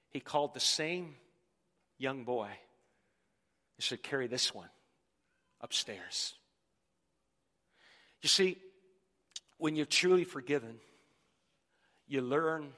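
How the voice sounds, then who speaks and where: A man's voice: fairly high pitch, bright, forceful tone. A male pastor preaching a sermon with emphatic delivery, often repeating words as he drives his points home. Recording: long reverb in a large hall.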